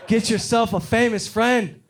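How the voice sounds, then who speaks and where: High-voiced middle-aged stand-up comedian. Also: male voice, a little slow, very noisy. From Detroit. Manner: loud animated bits when acting out others. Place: comedy stage before a live audience. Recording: live show with loud crowd laughter. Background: crowd laughing.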